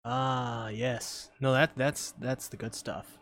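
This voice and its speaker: A man's voice: mid-range voice, flat delivery, slow, fairly bright tone. A man co-hosting a podcast in casual chat, jokey and rambling, reading out chat comments. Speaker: podcast co-host.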